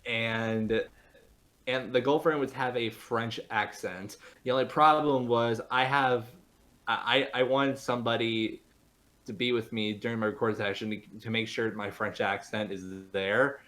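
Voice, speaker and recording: A man's voice: mid-range voice, fairly even intonation, unhurried, a bit bright. Rambling young man on a podcast. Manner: rambling with many restarts, laughs easily. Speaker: podcast guest, voice actor and show creator. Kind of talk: casual podcast interview.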